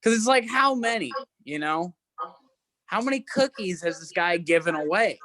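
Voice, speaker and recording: A young man in his twenties doing stand-up with a bright, forceful tone. He talks in a halting, self-deprecating way and fills gaps with "uh" and "like". The sound is dry and close, with no room around it. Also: high-pitched, animated, no echo. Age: 20s. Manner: halting, self-deprecating delivery with many fillers. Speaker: stand-up comic. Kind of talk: stand-up set over a video call.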